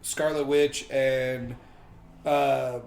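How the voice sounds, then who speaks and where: A man's voice: mid-range voice, little pitch movement, extremely slow, gravelly, darkish tone. A man co-hosting a casual movie talk stream, recapping scenes with fillers and laughs. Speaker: movie podcast co-host. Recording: roomy echo.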